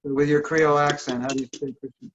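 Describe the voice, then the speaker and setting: A man's voice: fairly high pitch, little pitch movement, fast, heavy background noise. A man giving a casual workshop talk over a video call, asking his listeners questions as he goes. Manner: conversational, asks the audience questions. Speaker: workshop teacher. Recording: dull lo-fi online audio.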